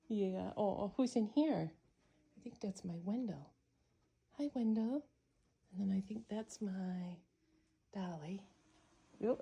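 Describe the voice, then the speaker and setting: A woman filming a casual vlog while looking after her cats, speaking softly, cooing to them and pausing often with fillers. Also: mid-range voice. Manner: hesitant, with many fillers. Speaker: cat caretaker.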